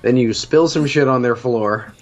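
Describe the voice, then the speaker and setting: A man's voice: mid-range voice, moderate pace. A man co-hosting a podcast in casual chat, teasing his partner with dry, wry remarks. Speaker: podcast co-host. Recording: dull lo-fi mic.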